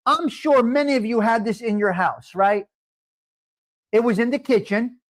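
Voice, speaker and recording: A man hosting a live coffee talk stream, blunt and crude, laughing as he talks straight to viewers in the chat. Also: extremely high pitch.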